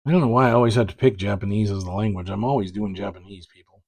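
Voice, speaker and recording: A man's voice: on the low side, fairly even intonation, fast, darkish tone, dry recording. A man talking casually about prints as he opens packages, rambling and correcting himself with many fillers. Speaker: print collector vlogger. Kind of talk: casual package-opening chat.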